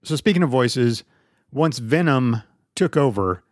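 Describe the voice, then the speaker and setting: A man's voice: mid-range voice, lively intonation, measured pace, no echo, clean studio sound. A man co-hosting a casual movie review podcast, blunt and sarcastic, swearing freely. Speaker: podcast co-host.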